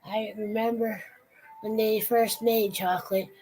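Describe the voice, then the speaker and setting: A woman voicing a decrepit old female fish lady from a cartoon, speaking quietly and reminiscing wistfully. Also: medium pitch, flat delivery, measured pace, soft background music, close to an everyday voice, poor audio.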